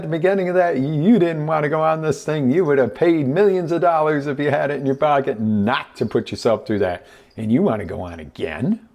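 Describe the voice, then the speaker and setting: On a live online broadcast, a man hosts a motivational coaching show, his voice on the high side and brisk. He delivers his motivational talk through animated stories, performing the voices within them.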